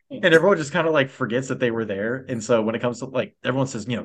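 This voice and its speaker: A man making a wry point in casual chat, speaking quickly. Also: medium pitch.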